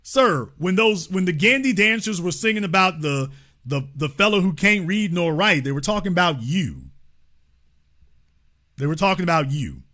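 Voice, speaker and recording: A man's voice: high voice, very animated, moderate pace, bright, forceful tone. A man hosting a call-in show, taunting a caller with sarcasm and repeating phrases for emphasis. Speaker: host. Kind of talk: live call-in commentary.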